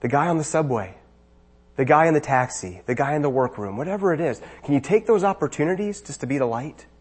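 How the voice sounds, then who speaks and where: Husky-voiced man preaching a sermon. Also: fairly high pitch, animated, quick pace. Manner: rhetorical questions, rising to emphatic bursts.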